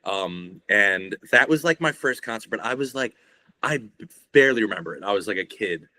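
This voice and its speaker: A man's voice: on the low side, animated, normal speed, sharp tone, no echo. A young man, a guest on a podcast, talking in a rambling, laid-back way and swearing often. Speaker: guest, shirt artist. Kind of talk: casual podcast conversation.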